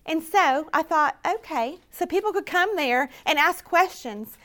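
A woman with a fairly high voice tells her faith story to a conference audience. She speaks earnestly and keeps quoting the prayers she once said. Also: expressive, unhurried, a bit bright. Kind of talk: personal testimony talk.

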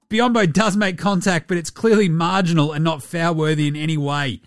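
A man's voice: fairly high pitch, steady tone, brisk, no room sound, studio quality. An Australian man hosting a podcast, chatting casually and rambling with plenty of swearing and jokes. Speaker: podcast host. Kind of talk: casual sports chat.

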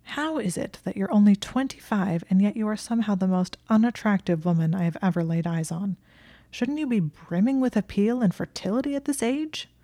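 A woman's voice: mid-range voice, brisk, mellow, dry recording, lightly acted. A woman playing a haughty, whining young wizard. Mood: scornful. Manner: theatrical, plaintive and lofty. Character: haughty young male wizard, dramatic, whiny.

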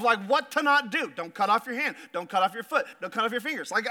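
A male pastor preaching a sermon, telling stories with animation and slowing down to stress his points. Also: very high-pitched. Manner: storytelling, animated, builds to emphatic slow points. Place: church stage.

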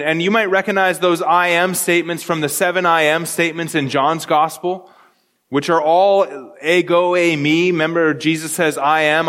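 A pastor with a high-pitched male voice delivers an earnest, conversational sermon, often repeating and restarting his words. The sound carries a long reverb from a church sanctuary. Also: fairly bright tone.

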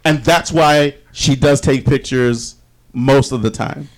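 A man's voice: mid-range voice, steady tone, slow pace. A man co-hosting a casual group chat, telling a rambling story full of fillers, restarts and mild swearing. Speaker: podcast co-host.

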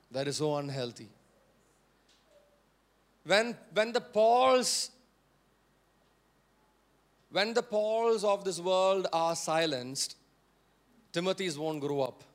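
Male pastor, sermon delivery, high-pitched, repeats lines for emphasis and calls on the congregation to respond. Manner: repeats key phrases for emphasis; questions and prompts the congregation.

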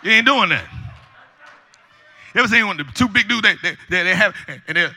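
A man preaching a pep talk to listeners, moving from easy talk into sing-song shouting. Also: high voice, animated, fairly quick, gravelly. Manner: talks to listeners as "y'all".

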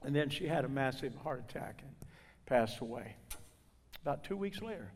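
A man with a medium-pitched, expressive voice and a breathy edge speaks at a moderate pace. He's a guest preacher giving a personal testimony as a sermon in a reverberant church hall, telling it as a story and acting out the voices of those he quotes.

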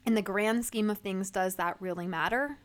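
A woman in her thirties hosts her own podcast, talking straight to listeners in a loose, motivational monologue. She is chatty and unfiltered, with frequent swearing and a steady stream of "like" and other fillers. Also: medium pitch, moderate pace. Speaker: podcast host.

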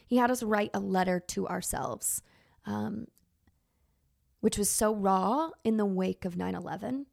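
A woman's voice: mid-range voice, creaky, a little mellow. A woman in her thirties, a teacher, telling a personal story in an earnest, emotional way with many fillers.

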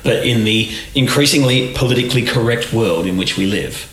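A man's voice: mid-range voice, lively intonation, brisk. Wry man in an echoey room. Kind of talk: casual chat. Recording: roomy echo.

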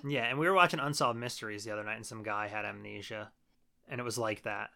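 A man co-hosting a casual podcast walks through a film's plot. His voice is bright and forceful. He swears freely and tells it in an animated way. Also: on the low side, fast talker, creaky. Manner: profane, animated storytelling. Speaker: podcast co-host. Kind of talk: casual conversation recapping a film.

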